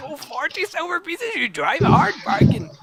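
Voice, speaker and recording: A man voicing a frail, fussy old male woodworker with a wavering, creaky old-man voice. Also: very high voice, sing-song, normal speed, heavy background noise, pitched above the performer's own voice, heavily acted. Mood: doddering, pleased.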